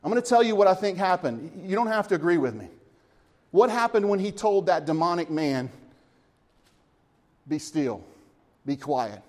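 A man preaching a sermon, swinging between lively emphasis and hushed, quiet moments, with chuckles between points. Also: high voice, a little fast. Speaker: pastor.

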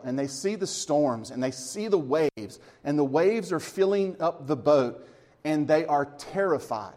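A man's voice: sits high, a little mellow. Chatty storytelling man preaching. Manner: conversational storytelling with light humor. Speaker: church elder preaching. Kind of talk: sermon.

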